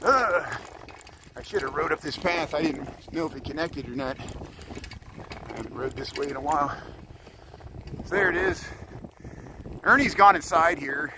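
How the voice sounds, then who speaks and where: A man's voice: fairly high pitch, a little slow, pauses often. Breathless man live-streaming a bike ride. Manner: chatty, greets viewers by name. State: out of breath from cycling. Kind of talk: live-streamed city tour. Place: outdoors by a lakefront, riding a bike. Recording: outdoor wind noise on the mic. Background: wind noise.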